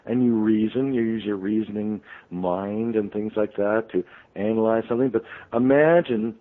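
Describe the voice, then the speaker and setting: A man's voice: on the low side, moderate pace. Man telling a story over a tinny phone line. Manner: rambling, full of ums and restarts. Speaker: interview guest, author. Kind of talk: anecdotal storytelling on a radio show.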